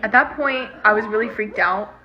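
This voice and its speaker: A woman in her thirties telling her own eerie experience in a casual, animated way, acting out what people said. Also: mid-range voice, normal speed, dull audio. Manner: animated, retelling with quoted voices and fillers. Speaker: storyteller sharing a personal experience. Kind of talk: casual first-person storytelling.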